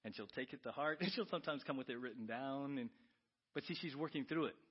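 A pastor preaching a sermon, swinging between loud, urgent questions and quiet, confiding asides. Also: male voice, medium pitch, fast, breathy edge, dull audio.

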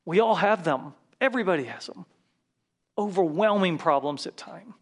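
A fervent male pastor preaching to a congregation in a church, with a slightly higher than usual voice. He leads the room in call-and-response and then in prayer. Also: expressive, normal speed. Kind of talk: sermon.

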